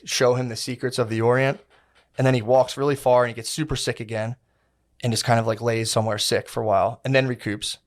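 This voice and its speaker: A man on a podcast spins a long story in loose, slangy chatter. He acts out the people in it with quick quoted lines and keeps circling back. His voice sits at an ordinary middle pitch. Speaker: podcast co-host. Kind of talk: casual chat, storytelling.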